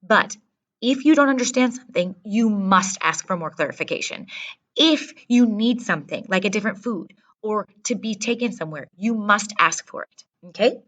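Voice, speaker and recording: Female teacher, firm and direct, mid-pitched voice, distant mic pickup. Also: lively intonation, moderate pace, fairly bright tone. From American Midwest. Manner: direct, instructive, often checks in with "okay?". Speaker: Spanish teacher. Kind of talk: classroom briefing to students.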